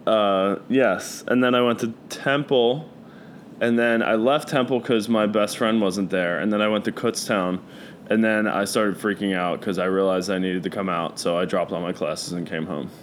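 Man, Philadelphia accent, deadpan, low-key, lowish voice, faint noise. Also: moderate pace. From Philadelphia area. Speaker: guest, DJ. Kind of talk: casual conversational interview.

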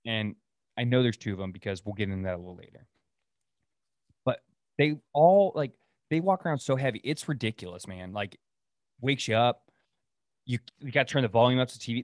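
A young man from Oregon rants through his own podcast, swearing freely and cracking himself up as he rambles. His voice sits in an ordinary middle pitch. The sound is dry and close to the mic. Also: no echo. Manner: profane, rambling, laughs at his own stories. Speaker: podcast host. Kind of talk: casual solo rant.

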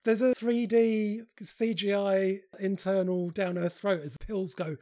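A man's voice: high-pitched, fairly even intonation, unhurried, dark tone. A man hosting a casual film podcast, wry and sweary as he introduces each film. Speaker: podcast host.

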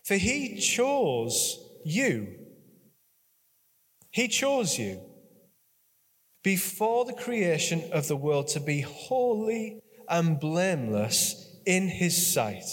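Man, preacher, sermon, high voice, earnest and repetitive, long hall reverb. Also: big pitch swings, extremely slow, long pauses. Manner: earnest, repetitive and conversational, with audience prompts.

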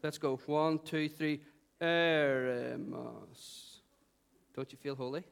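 A Northern Irish man preaching in church, his voice pitched high for a man. He keeps the sermon light, teasing his listeners between passages of scripture. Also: level tone, moderate pace, smooth. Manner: playful, joking with the congregation. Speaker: pastor. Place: church hall.

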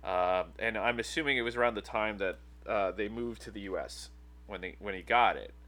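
The man, in his thirties, has a fairly low and slightly bright voice and talks fairly quickly. As a podcast co-host he keeps the conversation casual, rambling and often restarting or using fillers.

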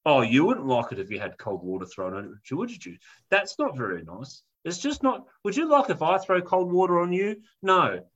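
A man imitating a mother who gently and patiently reasons with her misbehaving son. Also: a little high, wildly swooping pitch, moderate pace, breathy edge, dull audio, heavily acted. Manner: soothing, overly patient.

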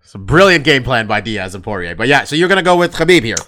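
A man hosting a casual sports podcast, animated and swearing freely as he argues picks. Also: mid-range voice, quick pace. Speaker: podcast host.

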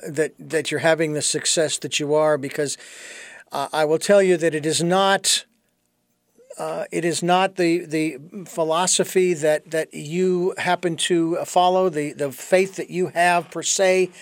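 Halting male host with a raised voice. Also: fairly high pitch, steady tone, no echo, studio quality. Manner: halting, full of fillers and restarts. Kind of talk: casual conversation.

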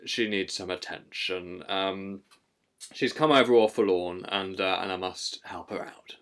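A man's voice: fairly low pitch, a bit bright. A man hosting a comedy chat, hesitant and mock-earnest, with plenty of ums. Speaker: host. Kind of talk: deadpan comic improv chat.

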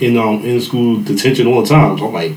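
A man's voice: medium pitch, fairly even intonation, a little fast, reverberant, background noise. A man telling a long childhood story in casual podcast chat, rambling with lots of fillers and laughing as he goes. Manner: laughs through his story. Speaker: podcast panelist, father.

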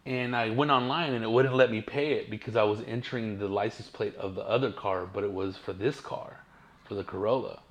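A man's voice: fairly low pitch, steady tone, brisk, dull audio. A man, hosting his own podcast and telling rambling, profane stories in casual slang. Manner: profane, slangy, laid-back storytelling. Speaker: podcast host.

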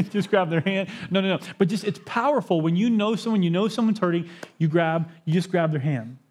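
A pastor in his thirties preaches in a church sanctuary, his voice high-pitched, a little mellow, and moderately paced. His sermon feels conversational and personal, sprinkled with joking asides.

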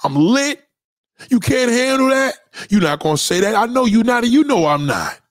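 Brief: high-pitched man ranting to camera, profane and heated, dry close sound. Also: very animated, moderate pace, dry recording. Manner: profane, heated, repetitive callouts. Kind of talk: confrontational rant to camera.

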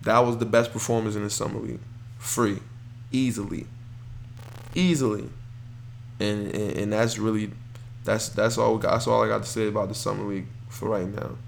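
A young man hosting a podcast, talking casually and excitedly about basketball, rambling with lots of fillers and restarts. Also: on the low side, brisk, creaky, a little hiss or hum. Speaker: podcast host. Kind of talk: casual solo sports talk.

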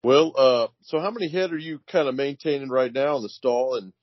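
A man's voice: medium pitch, a little fast, no echo. Sex: man. Role: interviewer. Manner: easygoing, encouraging. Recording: dry, dull, lo-fi. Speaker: podcast host. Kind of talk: casual interview chat.

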